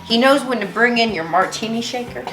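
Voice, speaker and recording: A woman's voice: on the high side, fairly quick, very noisy. A woman hosting a casual cooking vlog from her home kitchen, bubbly and joking, swearing casually as she goes. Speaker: host. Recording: echoey kitchen with music.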